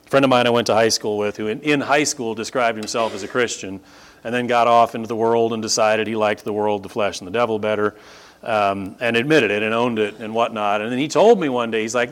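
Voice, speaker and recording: A man preaching a sermon, moving between quiet conversational asides and loud, drawn-out emphatic peaks. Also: mid-range voice. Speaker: pastor.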